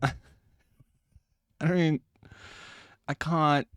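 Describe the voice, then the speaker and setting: A man's voice: fairly high pitch, clear, resonant tone, dry recording. A man streaming, chatting and joking casually while reacting to videos. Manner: animated, joking, quick laughs.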